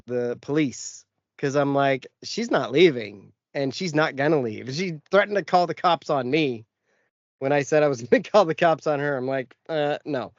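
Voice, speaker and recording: A man's voice: on the high side, no room sound. A man hosting a podcast, telling a long profane story in casual chat and acting out the lines of the people in it. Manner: profane, animated anecdote with acted-out quotes. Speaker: podcast host. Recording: dull lo-fi podcast audio.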